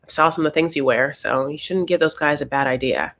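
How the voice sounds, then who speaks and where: A woman's voice: low voice, a little fast, fairly bright tone, voice pushed down. A woman voicing a judgmental older father with a disapproving, preachy manner. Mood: scolding.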